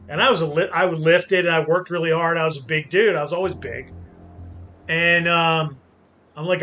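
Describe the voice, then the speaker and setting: A man's voice: a little high, moderate pace, bright, forceful tone. A man hosting a gaming channel, talking casually and philosophically in rambling anecdotes over gameplay.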